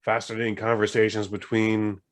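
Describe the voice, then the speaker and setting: A man's voice: fairly low pitch, little pitch movement, fairly quick. A man co-hosting a podcast, reviewing a movie in loose, profane casual chat and acting out scenes in voices. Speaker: podcast co-host.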